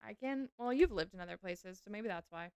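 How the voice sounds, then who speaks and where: A woman's voice: mid-range voice, lively intonation, a little fast, warm tone, clean tone, no echo. A woman streamer chatting casually with her chat while playing a game. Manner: chatty, answering chat as she plays.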